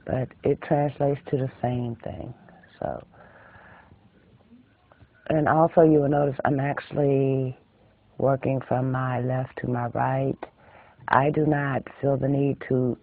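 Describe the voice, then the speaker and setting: A man's voice: medium pitch, little pitch movement, takes it slowly, no room sound. Chatty middle-aged man with a tinny voice. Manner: chatty, rambling, repeats phrases. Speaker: knitting channel host. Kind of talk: casual knitting tutorial. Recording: tinny phone-like dry recording.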